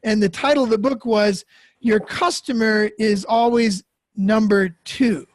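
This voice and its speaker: A man's voice: high-pitched, steady tone, measured pace, no echo. A man hosting a podcast conversation who speaks thoughtfully and restarts his sentences as he goes. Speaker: podcast host.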